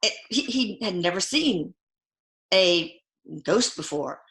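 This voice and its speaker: A woman guest telling personal stories in a casual, animated way, often lifting her voice when quoting others. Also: fairly low pitch, slow, roomy sound. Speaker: guest, physician and mother. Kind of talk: conversational storytelling.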